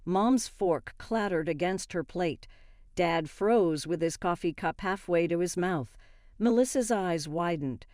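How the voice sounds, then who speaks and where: Woman, story narration, low voice, even reading, dry close sound. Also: unhurried, no echo. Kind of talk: scripted first-person story narration.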